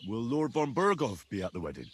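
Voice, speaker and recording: A man's voice: mid-range voice, big pitch swings, a little fast, husky. A young man voicing a wandering peasant in a game, asking plain, polite questions. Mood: curious.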